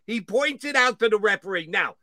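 High, bright-voiced ranting sports host. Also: male voice, a little fast, no echo. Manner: animated, gets worked up, ranting. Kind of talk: heated sports talk.

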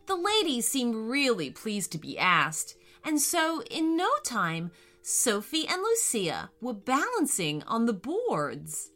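A woman reading a children's story aloud, expressive and animated, talking straight to the young listeners. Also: fairly high pitch, measured pace, hardly any pauses. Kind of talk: bedtime story narration. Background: soft music.

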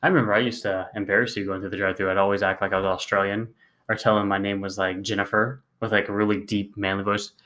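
A man's voice: lowish voice, level tone, quick pace, a bit bright. Man teasing in dry banter. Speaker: podcast co-host. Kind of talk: casual chat.

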